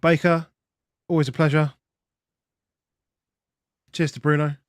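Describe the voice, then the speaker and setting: A man's voice: a little high, flat delivery, a little slow, no echo, clean studio sound. A man co-hosting a casual sports podcast, chatty and rambling, laughing easily and restarting his sentences. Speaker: podcast co-host. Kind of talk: casual chat.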